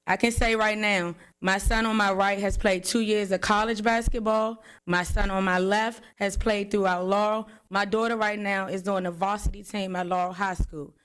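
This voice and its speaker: A woman's voice: medium pitch, steady tone, normal speed, hardly any pauses, fairly bright tone, smooth. A woman, the victim's sister, giving grateful thanks and introducing her family at a press conference.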